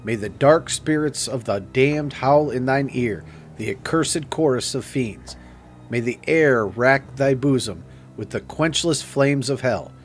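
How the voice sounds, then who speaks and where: A man's voice: mid-range voice, unhurried, faint music behind, lightly acted. A man playing a fiendish stranger who speaks in theatrical, menacing old-fashioned declamation. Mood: menacing curse. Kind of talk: audiobook character reading.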